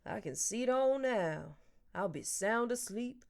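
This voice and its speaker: A woman's voice: a little high, animated, a little slow, gravelly, pitched above the performer's own voice. A woman voicing a kindly, teasing older man and grandfather who jokes in a dry, storytelling way.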